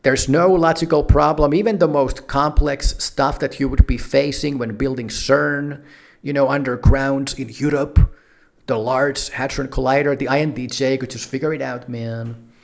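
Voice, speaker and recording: A man's voice: mid-range voice, fairly even intonation, normal speed, gravelly. Rambling, profane man riffing on personality types. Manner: rambling, profane, many restarts and fillers. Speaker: YouTube personality-type commentator. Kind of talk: casual monologue.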